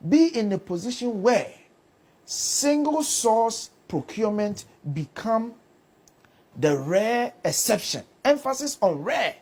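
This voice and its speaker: A woman's voice: on the high side, darkish tone, breathy edge. A woman with a Ghanaian English accent, arguing hard on a political panel, lecturing and repeating words for emphasis. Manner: combative, lecturing, emphatic repetition. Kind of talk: heated political debate.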